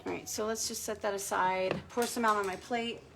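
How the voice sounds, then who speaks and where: A woman in her thirties hosts a casual crafting tutorial, chatting to viewers and to her child as she works. Her medium-pitched voice is steady, brisk and creaky, with a noisy background behind her.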